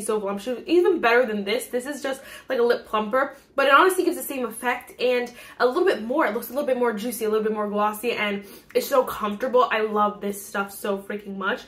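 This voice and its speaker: A woman's voice: on the high side, a bit bright. A young woman vlogging casual beauty product reviews, gushing and bubbly with lots of fillers and laughter, recorded on a phone camera.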